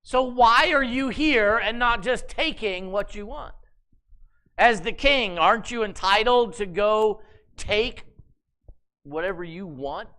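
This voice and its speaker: Play a man putting on a scheming queen: high-pitched and bright, needling and incredulous, bold and commanding, as if pushing a sulking husband to act. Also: big pitch swings, normal speed, full character voice. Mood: goading. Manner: incredulous, goading delivery.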